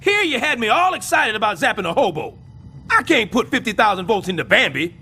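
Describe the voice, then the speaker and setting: An actor playing a loud, wisecracking, scheming middle-aged building super in an animated sitcom. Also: male voice, fairly quick, slight background noise, full character voice. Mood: blustering. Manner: loud, wisecracking, swings wildly in pitch.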